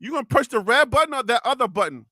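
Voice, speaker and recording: A man hosting a live sports stream, teasing chat viewers with loud, playful talk. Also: extremely high pitch, animated, fast, no echo, clean studio sound. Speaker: live sports show host.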